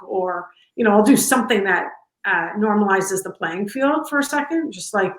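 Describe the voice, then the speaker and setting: A woman's voice: mid-range voice, moderate pace. Chatty woman in an echoey room. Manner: chatty, warm, many fillers and restarts. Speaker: company culture executive, interview guest. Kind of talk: casual interview conversation. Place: home, on a video call.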